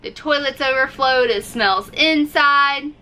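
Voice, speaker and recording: Bright-voiced woman telling a story slowly. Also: sits high, a little hiss or hum, rough recording. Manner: animated retelling, acting out her own reactions. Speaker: RV-living vlogger. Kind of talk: casual storytelling to camera.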